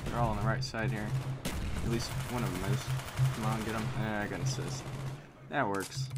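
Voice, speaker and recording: A man's voice: on the low side, fairly even intonation, fairly quick. A young man giving live gameplay commentary, playful and goofy, chatting to himself and teasing his opponents. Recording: noisy game audio behind. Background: game gunfire and explosions.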